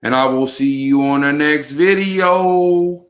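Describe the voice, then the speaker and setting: A man's voice: a little high, slow pace. A man vlogging in a casual chat to camera, rambling and hesitant with frequent restarts.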